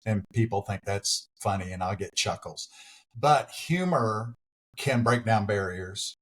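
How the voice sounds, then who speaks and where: A man's voice: fairly low pitch, unhurried, slightly rough. A middle-aged man, an actor and preacher, telling anecdotes with self-deprecating humor as a podcast guest. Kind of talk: casual interview.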